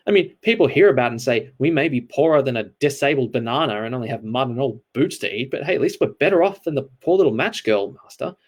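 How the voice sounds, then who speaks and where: A man voicing an anxious old male servant in a read-aloud storybook scene, with a higher, pinched delivery. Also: animated, quick pace, few pauses, close to an everyday voice.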